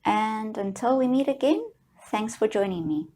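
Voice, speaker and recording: Woman, middle-aged, healing coach, soothing guided talk, gentle encouragement. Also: on the high side, lively intonation, normal speed. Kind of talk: guided self-help talk.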